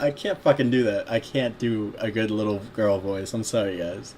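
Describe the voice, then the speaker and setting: A man's voice: fairly low pitch, fairly even intonation, normal speed, hardly any pauses, darkish tone, slight background noise. A man reading a story aloud in a casual way, breaking off with laughing, swearing asides. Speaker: reader. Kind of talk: casual read-aloud with commentary.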